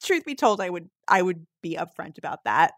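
A woman's voice: on the low side, big pitch swings, fairly quick, no room sound, studio quality. Bubbly frank woman podcast co-host. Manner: bubbly, frank, laughs easily. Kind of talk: casual chat.

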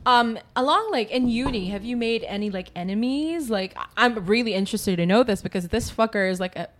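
A young woman with a fairly high voice co-hosts a casual podcast. She teases her friend, asks questions and fills gaps with quick agreeing sounds. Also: animated, a little hiss or hum. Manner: teasing, chatty interviewer with many short backchannels. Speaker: podcast co-host.

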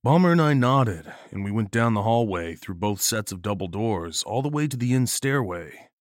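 A man narrating a first-person horror story in a measured, gritty and profane way. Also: fairly low pitch, lively intonation, no room sound, clean studio sound.

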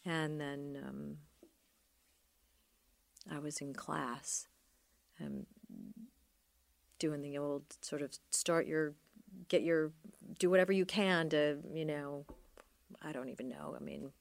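A middle-aged woman telling a personal story as an interview guest, halting and trailing off with many fillers. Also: low voice, steady tone, vocal fry, no echo.

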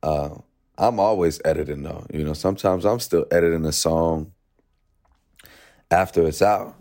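A young man with a deep, low voice talks through his thoughts slowly and reflectively. He fills his sentences with "you know" and "like" as he works out what he means. The delivery is casual and unhurried, like a musician opening up in an interview. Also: darkish tone. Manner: reflective, thinks aloud with many fillers. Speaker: musician guest.

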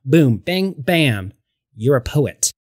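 A man's voice: mid-range voice, sing-song, takes it slowly. A man playing a tabletop game for comedy, rambling and repeating himself as his character. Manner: rambling, repeats "all right" often. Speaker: player.

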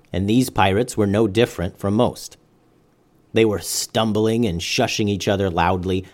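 Guy telling a bedtime story to kids, really animated, expressive voice. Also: medium pitch. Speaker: storyteller host.

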